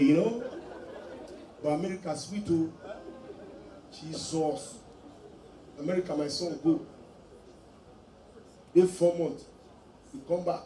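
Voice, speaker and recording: A man doing stand-up comedy in Nigerian Pidgin English, acting out his characters in animated voices. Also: slow pace, long pauses. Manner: animated, acts out characters in a shrill high voice. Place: live comedy show. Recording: roomy live venue, mic from a distance, audience noise.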